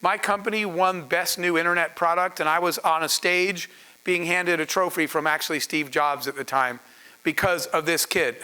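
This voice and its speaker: A man, a startup founder, telling stories to an audience in an animated way, laughing and acting out dialogue. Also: fairly high pitch, normal speed, clean tone, poor audio. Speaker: startup founder and panel speaker. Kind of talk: storytelling talk to an audience.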